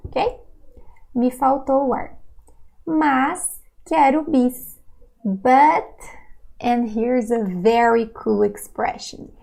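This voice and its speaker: A woman gives an online language lesson, speaking slowly and patiently and checking understanding often. Her voice sits a little high and carries a strong, gravelly fry. The tone stays calm and instructive. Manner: patient, explains slowly with many checks of "okay?". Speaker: language teacher.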